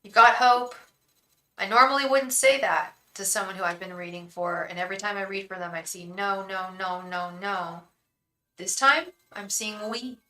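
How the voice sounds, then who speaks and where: A young woman hosts a live tarot reading, talking straight to her viewers. Her voice is bright and crisp, and she chats effusively, thanking people by name and looping back over the same phrases as she reads the cards. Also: mid-range voice, fairly even intonation, normal speed, rough recording. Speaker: tarot reader hosting a live stream.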